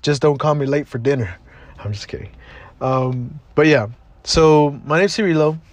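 A man's voice: on the high side, normal speed, no echo. A podcast host in his twenties from Southeast Los Angeles talks straight to the listener in a casual, motivational monologue. His speech is blunt and heartfelt, full of swearing, and recorded dry with no room sound. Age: 20s.

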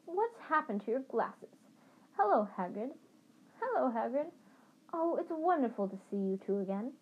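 A woman reading a storybook aloud, voicing an eager, bushy-haired schoolgirl who talks in a quick, excited rush. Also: sits high, breathy edge, highs cut off, pitched above the performer's own voice, full character voice.

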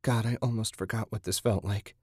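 Guy doing a scared young woman voice, anxious and pleading, a bit higher than his own low voice, dry sound. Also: steady tone, brisk, a little mellow, breathy edge, no echo. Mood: frightened. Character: frightened young woman on the run.

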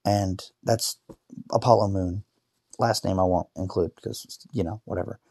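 Low-voiced man telling a raw story. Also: steady tone, gravelly, darkish tone, breathy edge, no echo, clean studio sound. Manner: swearing, halting restarts, rising to angry outbursts. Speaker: podcaster telling a personal story. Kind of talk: emotional personal storytelling. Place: lying in bed.

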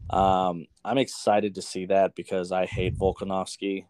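A man's voice: deep voice, little pitch movement, a little slow, darkish tone, clear, resonant tone, dry recording. An American man co-hosting a sports show in casual chat. He swears freely and trips over names as he reads through results. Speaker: sports podcast co-host.

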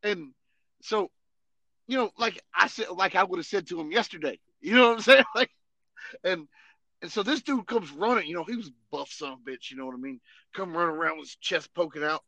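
Man, army veteran, casual profane storytelling, bright tense tone, fairly high pitch. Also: brisk, dry recording. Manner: profane, animated, repeats "you know what I mean". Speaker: podcast host and Army veteran.

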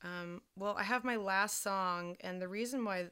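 A woman's voice: medium pitch, a little slow, sharp tone, clean tone. A young woman from Georgia co-hosting a podcast in casual, rambling chat full of fillers. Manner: rambling, filler-heavy, laughs easily. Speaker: podcast co-host.

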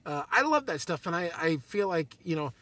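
A man's voice: a little high, sing-song, normal speed, sharp tone, no echo. A man hosting a podcast, chatting casually in a rambling, self-deprecating way and laughing often. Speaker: podcast host. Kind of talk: casual chat.

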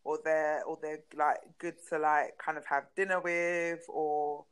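A young woman, a podcast co-host telling stories in frank, animated casual chat and swearing freely. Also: low voice, a little slow, clear, resonant tone, low-quality recording.

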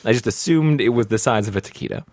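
A man's voice: medium pitch, fast, darkish tone, no echo, studio quality. A man chatting casually over lunch, rambling and stammering as he jokes about his order. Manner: rambling, stammering, self-mocking.

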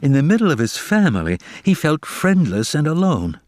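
Man with a lively storytelling voice. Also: a little high, moderate pace, no room sound, studio quality. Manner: expressive, dramatic storytelling. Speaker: narrator. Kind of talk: reading a children's novel aloud.

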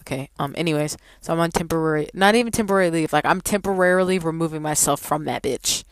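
A woman's voice: low voice, quick pace, dry recording, rough recording. A young woman telling a story about her job in a casual, profane, exasperated rant. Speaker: vlogger.

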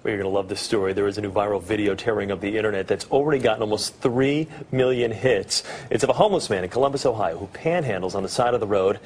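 A man's voice: lowish voice, quick pace, hardly any pauses, a little mellow, a little hiss or hum. A man anchoring a morning TV news show, introducing a story in a polished way.

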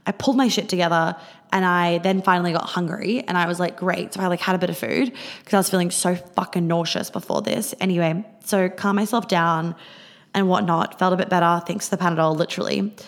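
A woman's voice: on the low side, steady tone, fairly quick. A young Australian woman hosting a podcast, telling a rambling story in a casual way, swearing freely and using lots of fillers. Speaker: podcast host.

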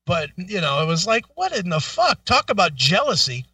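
A middle-aged man co-hosting a radio talk show, telling a profane story in a casual, animated way and acting out the quotes. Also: sits high, moderate pace, dry recording, recorded from a distance.

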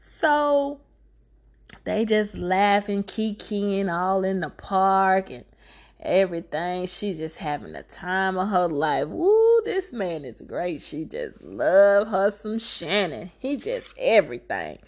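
A woman's voice: medium pitch, sing-song, slow. A woman giving a casual movie recap, sassy and exasperated, talking back to the filmmaker.

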